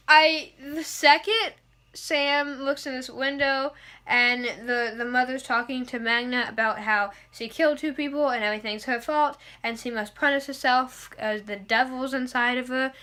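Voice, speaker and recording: A young woman with a high, bright voice chats through a TV episode recap. She talks in a casual, excitable way and fills her sentences with ums and likes. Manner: chatty and excitable, with frequent fillers. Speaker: TV episode reviewer.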